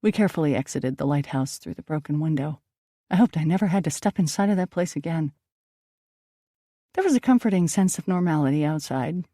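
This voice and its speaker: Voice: medium pitch, lively intonation, a little fast, dark tone, no echo, studio quality. An audiobook narrator reading a first-person ghost story, turning dramatic at tense moments.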